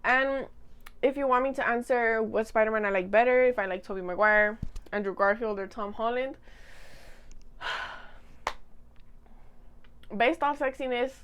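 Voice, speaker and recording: A woman's voice: fairly high pitch, unhurried, long pauses, a bit bright, smooth. A young woman chatting casually into a desk mic at home, giggly and gushing as she rambles. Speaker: vlogger. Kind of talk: casual chat.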